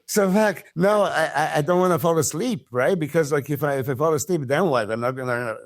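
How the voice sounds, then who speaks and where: A man, a podcast guest telling stories in casual chat, animated, swearing freely and acting out what others said. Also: a little high, fairly quick, no echo, clean studio sound. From Serbia. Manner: animated storyteller who swears freely and acts out quotes. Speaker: podcast guest, former pro bodybuilder.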